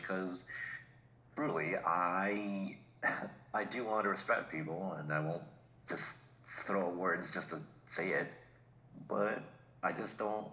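A man's voice: low-pitched, bright, forceful tone. A man from New England, a podcast co-host chatting casually and reflectively, choosing his words with care. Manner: reflective, picks words carefully. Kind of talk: casual chat. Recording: echoey room.

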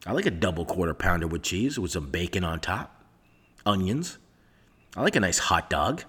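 In a soundproofed room, a man records his solo podcast on a mic into a laptop, rambling sarcastically and swearing. His voice is low-pitched yet fairly bright, slightly rough, with big pitch swings at normal speed.

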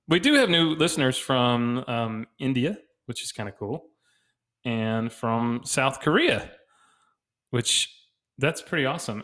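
A man's voice: medium pitch, fairly bright tone. A man in his thirties co-hosting a casual podcast chat, joking, laughing often and putting on voices for quotes. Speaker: podcast co-host.

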